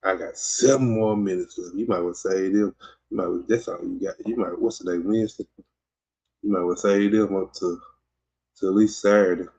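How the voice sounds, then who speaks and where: A man's voice: low voice, fairly even intonation, normal speed, mellow, husky. A man from Mississippi with a Southern accent, hosting a podcast in casual livestream chat, rambling and teasing. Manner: rambling and teasing, many fillers and restarts. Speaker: podcast host. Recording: dull lo-fi sound.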